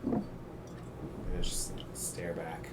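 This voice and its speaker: A man plays a tabletop game with a goofy, playful manner. He sits away from the mic in an echoey room, with steady noise behind him. His pitch is mid-range. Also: slow pace, recorded from a distance. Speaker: player. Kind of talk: casual tabletop play.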